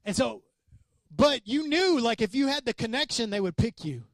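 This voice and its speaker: A man preaching a sermon as a pastor, animated and conversational, acting out quoted voices. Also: extremely high pitch, moderate pace, vocal fry, no room sound.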